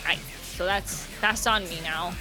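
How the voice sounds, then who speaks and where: A woman's voice: on the low side, a little slow. A woman playing a tabletop game, chatting casually and whooping at her rolls. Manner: excitable, whoops and laughs at good rolls. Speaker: player. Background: music.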